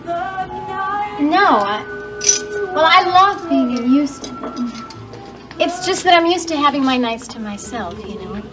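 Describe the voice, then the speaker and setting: Shy young girl in an 80s soap, high voice, slow talk, music in back. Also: animated. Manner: hesitant, modest. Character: shy young woman, Elena, working summer job. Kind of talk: 1980s TV soap opera acting.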